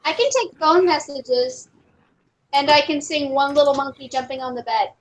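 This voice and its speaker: A chatty woman with a high-pitched voice, joking about herself in a relaxed group chat. She talks casually to friends in an online hangout. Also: moderate pace, a little hiss or hum. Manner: chatty, self-deprecating, says "y'all". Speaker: hangout participant.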